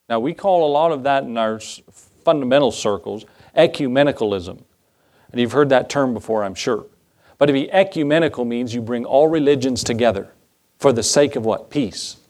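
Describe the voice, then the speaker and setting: A man preaching a sermon, reading scripture in old-fashioned wording and asking the congregation rhetorical questions. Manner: animated, rising pitch when emphasizing.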